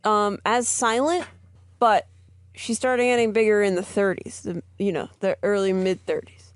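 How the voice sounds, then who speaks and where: A woman's voice: medium pitch, steady tone, normal speed. A woman co-hosting a comedy podcast, chatting casually and laughing easily. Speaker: podcast co-host.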